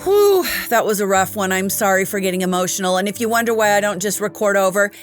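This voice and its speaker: A woman's voice: mid-range voice, expressive, fast, music in the background. A woman hosting a true crime show, telling the story straight to camera with candid personal asides.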